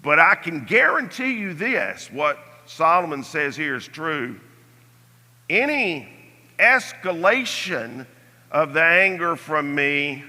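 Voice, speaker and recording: Older guy teaching sunday bible class, slow and bright, big hall echo. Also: a little high. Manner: measured, drops to a soft voice on key phrases. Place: church hall. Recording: church hall reverb.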